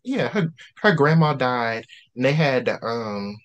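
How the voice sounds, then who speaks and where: A man talks through a book in casual chat, a mid-pitched voice at an easy middle. He gets animated and launches into rants with a preacherly edge. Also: slow pace, muffled recording. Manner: animated, ranting, preacherly outbursts. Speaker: book discussion host.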